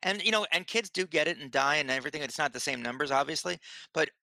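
Gravelly-voiced male radio host. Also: on the high side, lively intonation, quick pace, bright, forceful tone, no room sound. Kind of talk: casual radio talk.

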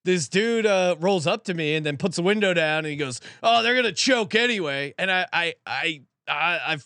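A man with a notably high, bright voice co-hosting a casual sports podcast in a studio. He tells stories in an animated way and laughs often. The sound is close and dry. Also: moderate pace, dry recording. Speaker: podcast co-host. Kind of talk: casual sports betting chat.

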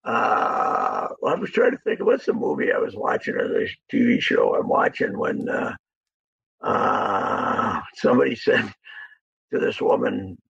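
A man's voice: lowish voice, huge pitch swings, unhurried, creaky, a bit bright, breathy edge, no room sound. A man chatting casually about sports as a guest, rambling and chuckling through stories. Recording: muffled lo-fi line.

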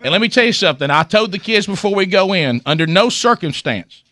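Bright-voiced man telling a funny story. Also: high voice, brisk, no room sound. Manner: animated, laughing, acts out quoted voices. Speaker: storyteller guest. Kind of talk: comic storytelling in casual chat.

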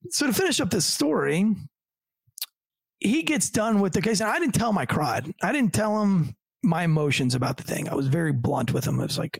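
A man who works as a police officer tells a story in a casual, profane way and acts out what other people said. His voice is gravelly and a little husky, and he sits a bit high in pitch. The recording is close and dry. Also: lively intonation, brisk, dry recording. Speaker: police officer telling a story as podcast guest.

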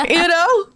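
A woman's voice: extremely high pitch, fairly bright tone, no echo, studio quality. A woman chatting casually with friends in a teasing, easygoing way. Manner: chatty, teasing, quick to laugh. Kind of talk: casual chat.

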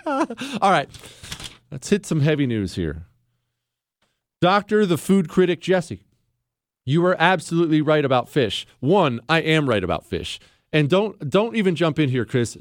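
A man's voice: fairly high pitch, no echo, clean studio sound. Emphatic, combative male talk show host. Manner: emphatic, combative, teasing and repetitive. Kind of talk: opinionated monologue.

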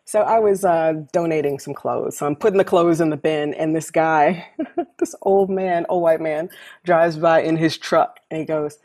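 A woman's voice: sits low, normal speed, darkish tone. A woman co-hosting a casual conversation, talking emphatically and repeating her key phrases.

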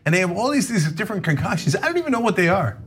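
Laughing, animated man telling food stories. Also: high voice, very fast, slightly rough. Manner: animated storyteller, laughs often, puts on voices for others. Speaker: podcast host. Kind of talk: casual chat.

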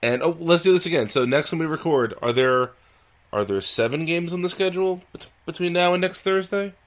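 A man hosting a podcast, telling stories in a relaxed, easygoing way. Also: on the high side, fairly quick. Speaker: podcast host. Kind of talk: casual podcast chat.

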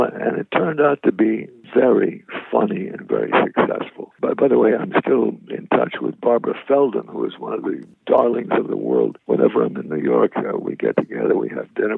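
An older man, an actor, telling lively anecdotes about his career in an interview, acting out the voices of people he quotes. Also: on the low side, no echo. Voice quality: gravelly. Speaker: actor guest. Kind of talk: storytelling interview. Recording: dry tinny phone-line radio audio.

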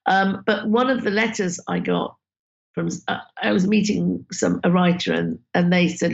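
A woman, a filmmaker guest telling animated stories in an interview and acting out the people she quotes. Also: on the low side, normal speed, vocal fry, muffled recording. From Britain. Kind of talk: conversational interview storytelling.

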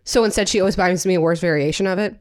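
Chatting casually as a podcast co-host, a woman in her thirties teases and laughs readily. She talks at a racing pace, her voice on the low side and a little mellow.

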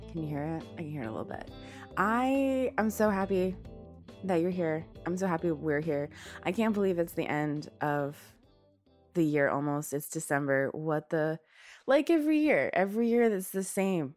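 A woman's voice: fairly low pitch, darkish tone. A young woman with a stuffy nose hosting a podcast, chatting candidly and rambling, a little winded. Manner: candid, rambling, swears freely. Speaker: podcast host. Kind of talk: casual chat.

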